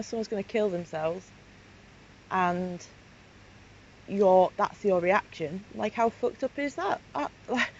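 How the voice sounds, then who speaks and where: A woman's voice: mid-range voice, darkish tone. A woman vlogger giving casual, indignant commentary as she reads through chat logs. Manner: indignant, outraged, emphatic. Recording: slightly muffled home recording with faint hiss.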